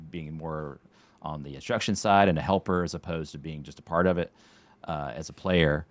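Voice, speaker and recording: Very deep-voiced dry, sarcastic man. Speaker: podcast guest, tennis instructor and streamer. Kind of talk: casual interview chat.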